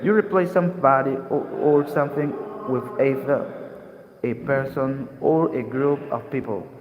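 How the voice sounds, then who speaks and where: A young man from Mozambique reading dictionary entries aloud as an English lesson, slowly and carefully, restarting words now and then. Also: mid-range voice, phone-quality sound, crowd noise. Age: young adult. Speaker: English teacher. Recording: echoey room with long reverb.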